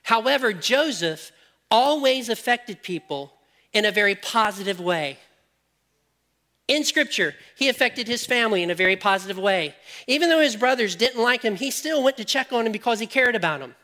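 A man delivers a sermon in a high, bright voice. He is animated, jokes with his listeners, and drops to hushed questions. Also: moderate pace. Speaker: preacher.

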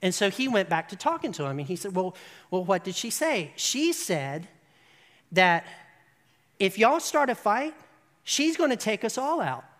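An animated preacher tells a story, building to emphatic peaks and checking in with the listeners. The voice sits at a middling pitch and carries a long, echoing hall reverb. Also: unhurried. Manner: asks the audience "right?". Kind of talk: sermon storytelling.

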